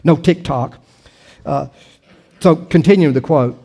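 A man's voice: on the high side, unhurried, vocal fry, mellow. An older man preaching a sermon in a conversational way, full of rhetorical questions and restarts. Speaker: pastor.

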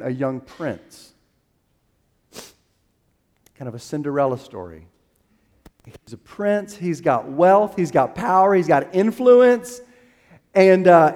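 A man's voice: a little high, darkish tone, in a large hall. A male pastor preaching a sermon, emphatic and building to a strong crescendo, with a few restarts and fillers as he finds the verses.

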